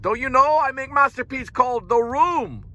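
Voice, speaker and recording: A man putting on a baffled foreign film director with an exaggerated German accent and broken, halting phrasing. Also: very high voice, expressive, pushed and bright, voice pushed up, exaggerated voice.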